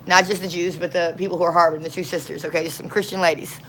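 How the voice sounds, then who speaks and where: A woman street minister in casual, slangy storytelling, folksy and animated. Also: on the low side, rapid-fire, slight background noise, rough recording.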